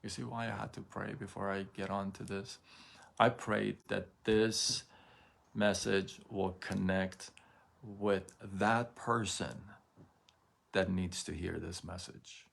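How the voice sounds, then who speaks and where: A man hosting a motivational livestream, talking earnestly and haltingly, often repeating words and checking that viewers follow him. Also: deep voice, fairly even intonation, gravelly, fairly bright tone. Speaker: livestream host. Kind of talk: emotional motivational livestream talk.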